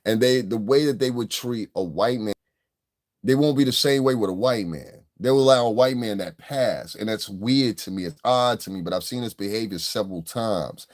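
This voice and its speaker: A middle-aged man giving casual, profane reaction commentary in a mocking, animated way. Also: fairly low pitch, moderate pace. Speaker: commentary vlogger.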